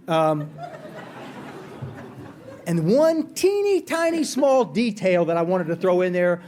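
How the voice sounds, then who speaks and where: A middle-aged man, giving a candid, self-deprecating recovery talk to a conference audience. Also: a little high. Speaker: AA speaker. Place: conference hall.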